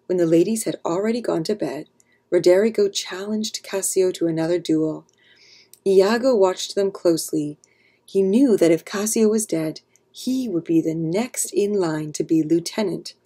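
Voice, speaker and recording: A woman reads a children's storybook aloud in a calm, clear storytelling manner. Her voice is low-pitched and mellow, with a soft, breathy texture. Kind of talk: storybook read-aloud narration.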